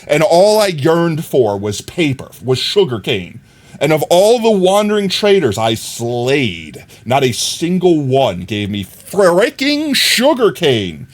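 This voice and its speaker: Playing a building game on a live stream, a man with a mid-range voice talks viewers through his plans in casual chat. He laughs often and trails off quietly while working.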